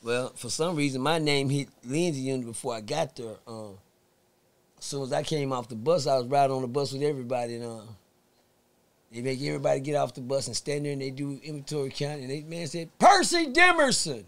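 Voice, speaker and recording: This podcast guest, a Texan with a medium-pitched voice, tells a story at a quick pace. His talk is casual and profane, and he animatedly mimics the voices of the people involved.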